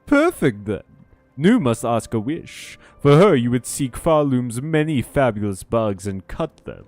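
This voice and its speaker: A man's voice: mid-range voice, big pitch swings, measured pace, darkish tone, dry recording, soft background music. A man voicing an eager, odd female bug creature who gushes in broken grammar. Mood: gushing.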